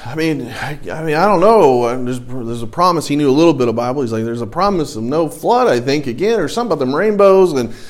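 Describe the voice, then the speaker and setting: A middle-aged man teaches an adult church Bible class, telling stories in a loose, conversational style that wanders off on tangents and builds to emphatic stretches. His mid-range voice is animated and a little fast, with hardly any pauses.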